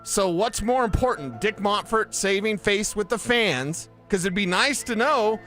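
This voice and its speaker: A man from Colorado co-hosting a sports talk radio show, animated and theorizing, acting out quotes into a studio microphone. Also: sits high, measured pace, few pauses, soft background music.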